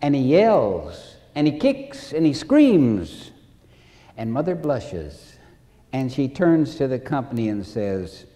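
Man, sermon, slow measured preaching, mellow voice, long hall reverb. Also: medium pitch, big pitch swings. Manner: slow, deliberate preaching with repetition and acted-out stories.

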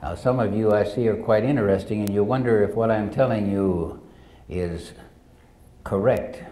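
Mellow-voiced male pastor preaching. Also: fairly low pitch. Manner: storytelling, measured, addresses the congregation directly. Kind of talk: sermon.

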